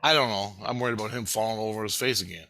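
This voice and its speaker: Bright-voiced man rambling through a story. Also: on the low side, rapid-fire. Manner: rambling, profane, animated retelling. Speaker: vlogger. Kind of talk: casual storytelling to camera.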